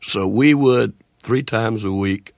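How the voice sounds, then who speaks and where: Gravelly halting man in his sixties. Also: on the low side, no echo. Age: 60s. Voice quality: gravelly, with a speech disorder. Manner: halting, with restarts and slow deliberate phrasing. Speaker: guest, country singer. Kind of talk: radio interview.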